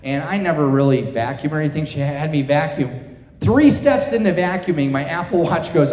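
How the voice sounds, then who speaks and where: A middle-aged man doing stand-up on a theater stage, his voice sitting high for a man. He tells self-deprecating stories and chats with the crowd. The hall rings with long, roomy reverb around his mic. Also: expressive, moderate pace, a little mellow, a little hiss or hum. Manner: chatty self-deprecating storytelling with crowd work. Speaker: stand-up comedian. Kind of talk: stand-up comedy set. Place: theater stage before a live audience.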